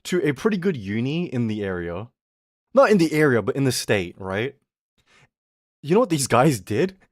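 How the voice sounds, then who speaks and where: On a stream, a man with a medium-pitched voice tells a story as a casual, exasperated rant packed with swearing and laughter. He's very animated at a moderate pace, and the studio sound is clean with no echo.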